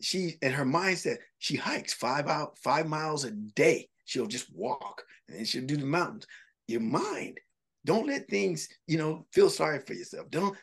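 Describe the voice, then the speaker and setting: A comedian telling jokey, animated stories in an interview, often repeating himself. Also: male voice, fairly high pitch, normal speed, gravelly, slightly rough. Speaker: comedian guest. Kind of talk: storytelling in an interview.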